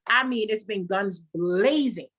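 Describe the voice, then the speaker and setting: Bright-voiced woman sharing earnest testimony. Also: mid-range voice, a little slow, breathy edge. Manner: earnest, animated storytelling, acts out quoted dialogue. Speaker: gospel singer and songwriter, interview guest. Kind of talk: casual interview, personal testimony.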